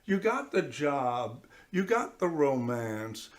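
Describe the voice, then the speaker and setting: A priest takes it slowly in a mid-range voice, giving a conversational sermon in church. He stays animated throughout, talks directly to the people in front of him, and performs little voices.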